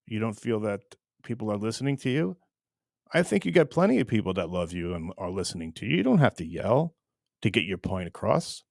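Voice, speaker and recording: Hosting his own online show, this man rambles to camera in a teasing, casual rant full of repeated words and frequent restarts. The voice is medium in pitch and creaky, captured dry at studio quality.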